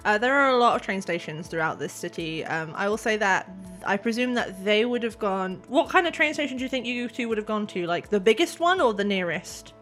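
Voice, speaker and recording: A woman's voice: medium pitch, animated, a little fast, hardly any pauses, a bit bright. Brief: woman game master, chatty narration, faint music underneath. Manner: chatty, laughs often while narrating.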